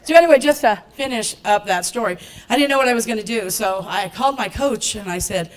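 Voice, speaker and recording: A woman giving a lively talk at a business event, laughing often and acting out what people said to her. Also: on the high side, brisk, poor audio. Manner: animated, laughs often, acts out quotes. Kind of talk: motivational stage talk with storytelling. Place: event stage before a live audience.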